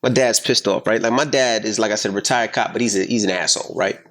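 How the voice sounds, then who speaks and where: A man in his thirties co-hosting a casual podcast, telling a story with lots of swearing and loudly acting out the voices of the people in it. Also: fairly low pitch, quick pace. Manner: animated, profane, acts out quotes loudly. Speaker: podcast co-host.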